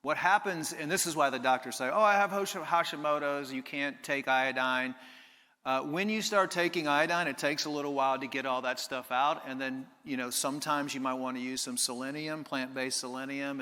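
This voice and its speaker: A man speaking on a conference panel, animated and explaining at length. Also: medium pitch, in a large hall. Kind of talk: live conference talk. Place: conference stage.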